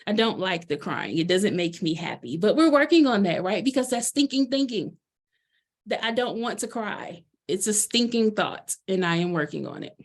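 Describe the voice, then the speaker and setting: A woman's voice: mid-range voice, expressive, moderate pace. Bubbly woman life coach, chatty and loose, casual delivery. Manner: chatty, bubbly, lots of fillers. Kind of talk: casual presentation chat.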